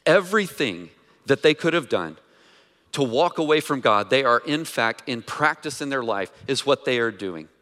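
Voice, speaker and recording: In a church sanctuary, a pastor preaches a sermon conversationally, putting questions to the congregation. His voice is medium-pitched with a fairly bright tone, and long hall reverb fills the recording.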